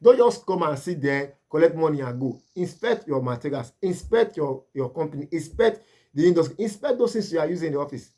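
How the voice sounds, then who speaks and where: A man's voice: on the high side, lively intonation, brisk, dark tone. Earnest Nigerian man lecturing. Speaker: laundry business owner. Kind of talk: advice talk to camera.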